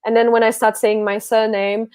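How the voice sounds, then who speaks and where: A French-accented woman chats as a livestream guest and tells her stories with lively energy, often restarting her sentences. Her voice sits a little high. The sound is dry and close. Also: moderate pace, smooth, dry recording. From France. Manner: chatty, animated storytelling with frequent restarts. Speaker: guest author. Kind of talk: casual chat on a livestream.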